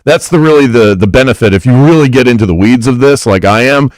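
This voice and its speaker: A man's voice: mid-range voice, quick pace, darkish tone, no echo, low-quality recording. A man co-hosting a sports talk radio show, chatty and self-assured as he talks through betting.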